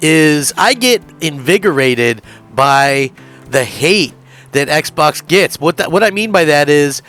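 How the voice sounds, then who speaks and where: A man's voice: on the high side, animated, slow, a bit bright, faint music behind. A man hosting a gaming channel, giving earnest, emphatic news commentary straight to his viewers.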